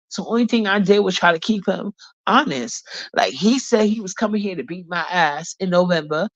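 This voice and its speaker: Recorded through a phone on a camera-off live stream, the audio is dull and lo-fi with no room sound. A woman with a fairly low voice and a bad cold rants heatedly and profanely, saying the same things again to hold her ground.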